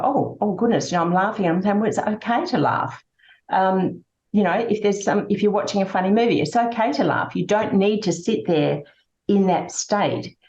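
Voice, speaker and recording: A woman's voice: sits low, warm tone. A woman, a grief and happiness coach, talking reflectively in an interview with many fillers. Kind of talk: conversational interview. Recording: echoey room, dull lo-fi sound.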